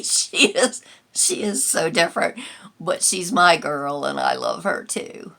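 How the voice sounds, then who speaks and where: Older woman, vlog host, slow gentle talk, gravelly low voice, rambling pauses. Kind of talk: reflective personal vlog.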